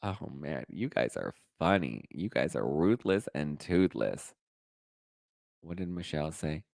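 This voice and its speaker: A man's voice: a bass voice, animated, a little slow, vocal fry, darkish tone, no echo. A man hosting a casual live gossip chat, sassy and dishy, reading and reacting to viewer comments. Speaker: host.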